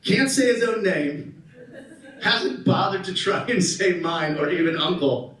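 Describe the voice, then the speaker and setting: A man in his thirties giving a conference keynote, an animated storyteller who asks the audience questions. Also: high voice, measured pace. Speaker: keynote speaker. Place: conference hall. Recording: roomy hall, mic at a distance.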